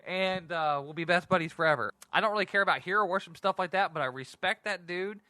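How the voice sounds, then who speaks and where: A man hosting a casual solo talk show, rambling and excitable, often laughing at himself. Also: high voice, quick pace, dry recording. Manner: rambling, giggly, self-deprecating; excitable and animated. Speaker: podcast host.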